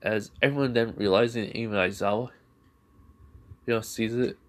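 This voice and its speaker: A man with a fairly low voice retells a fan-made story in a casual, rambling way. He leans on fillers like "like" and "you know" and often restarts his sentences. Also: fairly even intonation, normal speed.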